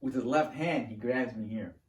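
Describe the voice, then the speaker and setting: A man telling a personal story to the camera in a casual, animated way, acting out the moves as he talks. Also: mid-range voice, normal speed. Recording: roomy, from a distance to the mic.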